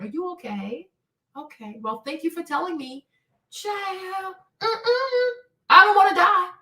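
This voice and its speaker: A woman hosting a casual livestream, telling stories in an animated, slangy way and acting out the exclamations. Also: sits high, roomy sound, distant mic. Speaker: livestream host. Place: home, in D.C.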